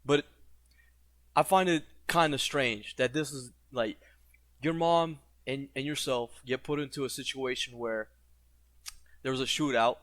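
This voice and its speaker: A man's voice: mid-range voice, measured pace, pauses often, fairly bright tone, dry recording. A man giving blunt, profane reaction commentary, ranting and mocking the characters in put-on quotes.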